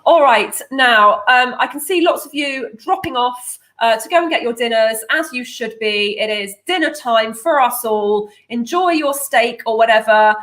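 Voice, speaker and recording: A woman's voice: on the high side, expressive, normal speed, few pauses, fairly bright tone. A woman hosting a casual live stream, bubbly and chatty with lots of fillers. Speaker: host of a nutrition membership livestream.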